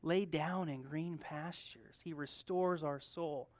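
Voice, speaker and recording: A man preaching a sermon in a relaxed, conversational manner. He drops to quiet asides, then builds to loud, emphatic repeated points. The sound is close and dry, with no room around it. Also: fairly high pitch, takes it slowly, no echo. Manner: conversational, swings between soft asides and loud emphatic build-ups, laughs often. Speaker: pastor.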